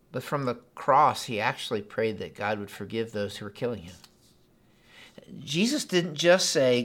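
Man, pastor, conversational sermon, bright forceful voice, animated delivery, middle pitch. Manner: conversational and animated, with laughs and repetitions.

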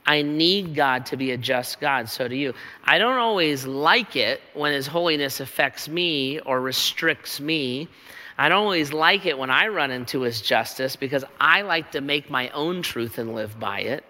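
A man pastor preaches in a church, building his points through emphatic, repeated phrases. His voice sits slightly high, with a bright, forceful tone. Long reverb hangs around every line. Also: normal speed. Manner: emphatic, repetitive rhetorical cadence. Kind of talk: sermon.

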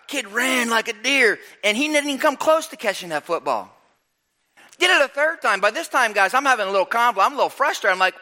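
Animated preacher man. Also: very high-pitched, quick pace. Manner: animated storytelling, acts out his own shouts. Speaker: pastor. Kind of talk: sermon. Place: church.

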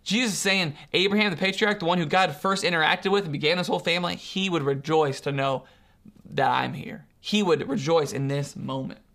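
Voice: medium pitch, a little fast, fairly bright tone. A preacher giving a sermon in an earnest, emphatic way, often repeating and restarting phrases and asking rhetorical questions.

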